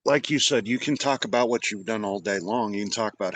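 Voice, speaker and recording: A man, a life coach, telling a story casually in a rambling, animated way. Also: lowish voice, a little fast, hardly any pauses, no room sound. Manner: rambling, animated retelling with quoted voices.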